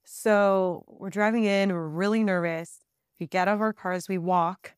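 A woman tells her adventure story in a casual, animated way, with plenty of fillers and laughter. Her voice sits at an everyday middle pitch. The recording is dry and close. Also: unhurried, clean tone, no echo. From Southern California. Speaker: podcast guest.

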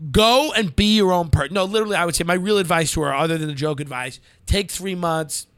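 A man's voice: on the high side, fast, fairly bright tone, clear, resonant tone, dry recording. A man co-hosting a podcast in casual banter, blunt, brash and profane, giving unfiltered advice. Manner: puts on mocking voices. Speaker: podcast co-host.

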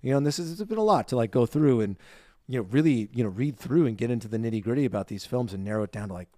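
A man's voice: medium pitch, lively intonation, racing, warm tone, dry recording, clean studio sound. A man co-hosting a podcast in casual chat, upbeat and chatty with lots of fillers. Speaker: podcast co-host.

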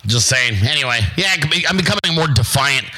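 Male host, forties, profane defiant rant, slightly high, bright voice. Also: lively intonation, fast talker, rough recording. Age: 40s. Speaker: livestream host. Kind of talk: casual ranting monologue.

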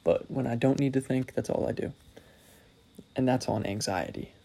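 A man's voice: medium pitch, normal speed, gravelly, mellow. A young man hosting his own podcast solo, talking casually in a rambling, self-deprecating, wry way.

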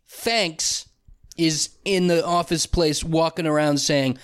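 A man's voice: on the high side, measured pace, smooth. A young man hosting his own show alone, ranting in a rambling, profane way and mimicking people with a raised voice. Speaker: podcast host. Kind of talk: solo comedic rant.

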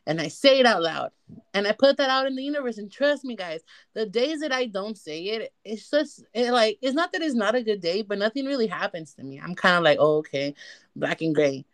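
A woman co-hosting a casual chat, talking in a bold, teasing, playful way. Her voice sits a bit high. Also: lively intonation, a little fast. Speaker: podcast co-host.

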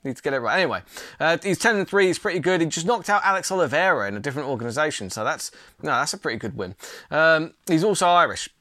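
Blunt, chatty man, higher voice. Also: animated, fast, pushed and bright, dry recording, studio quality. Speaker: MMA channel host. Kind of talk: casual fight card preview.

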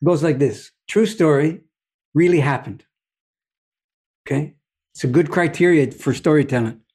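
A man speaking as a podcast guest, talking in a deliberate, philosophical way and telling stories, often checking in with "you see?". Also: on the high side, a little mellow, breathy edge. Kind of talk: reflective conversational storytelling.

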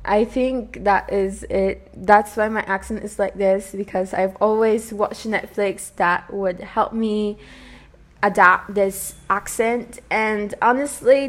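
A young woman talks on her solo podcast with a British accent that she puts on. Her pitch sits in the middle and her delivery is soft and earnest. She rambles, restarting her sentences and filling gaps with "um" and "you know.". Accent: put-on British over an American-style base. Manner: rambling, hesitant, many fillers and restarts; earnest, soft-spoken, with frequent light laughs. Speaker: podcast host. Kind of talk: casual solo podcast talk.

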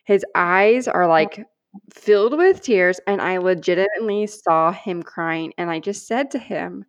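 A woman co-hosting a podcast, telling a personal story in an animated, earnest way and acting out the lines she quotes. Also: lowish voice, unhurried, highs cut off. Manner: animated storyteller, acts out quoted prayers and dialogue; earnest and heartfelt. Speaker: podcast co-host.

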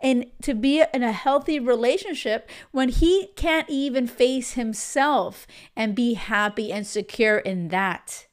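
Young woman doing a dating podcast, talks right at you, super emphatic, kinda high pitched. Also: a little slow, few pauses. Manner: animated, emphatic, talks directly to listeners. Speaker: podcast host and dating coach. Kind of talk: casual podcast commentary.

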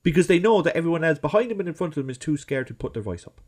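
Emphatic man, lively pitch. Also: very fast. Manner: emphatic, acts out what people should say. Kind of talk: casual football podcast chat.

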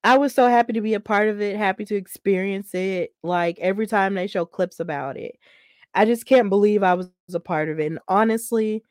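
A woman hosts a wrestling podcast in casual chat. She talks in an animated, emphatic way, repeating lines to drive her point home. Her voice sits at a middle pitch in a dry, close recording. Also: brisk, no echo. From Alabama. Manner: animated, emphatic and repetitive, venting frustration. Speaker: podcast host.

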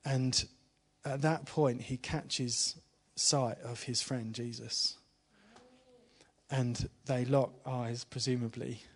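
A man giving an informal church talk to a live congregation, chatty and friendly, asking the room questions and dropping to a hushed voice when he retells the story. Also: mid-range voice, fairly even intonation, slow. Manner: chatty, asks the congregation questions, with small laughs. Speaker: preacher.

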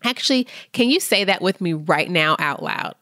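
A woman hosting a podcast, speaking slow, earnest affirmations. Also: fairly low pitch, expressive, fairly bright tone, dry recording, studio quality. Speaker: podcast host. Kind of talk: slow motivational podcast talk.

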